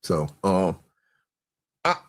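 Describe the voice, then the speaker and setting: A man's voice: deep voice, big pitch swings, drawn-out words. A man hosting an online panel, exasperated and cursing, snapping back at a guest. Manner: exasperated, profane, sharp retorts. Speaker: panel host. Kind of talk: heated online panel debate.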